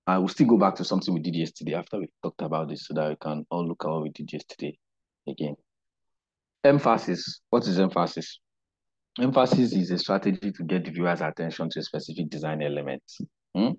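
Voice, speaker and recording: Deep-voiced man teaching a class. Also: darkish tone, slightly rough, lo-fi sound. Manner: unhurried, explanatory, asks "right?" often. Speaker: digital marketing instructor. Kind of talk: live online class lecture.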